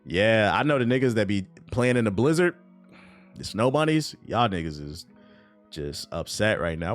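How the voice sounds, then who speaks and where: A man's voice: fairly low pitch, normal speed, soft background music. A young man hosting a livestream in casual chat, joking, swearing and reading chat messages aloud. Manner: animated, joking, profane, reads chat aloud. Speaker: livestream host.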